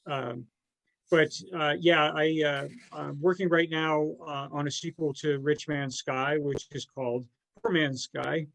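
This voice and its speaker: Gravelly guy writer on a podcast, kinda hesitant. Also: on the high side, fairly even intonation, measured pace, fairly bright tone, rough recording. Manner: hesitant, with many fillers. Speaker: writer and guest. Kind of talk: casual round-table chat.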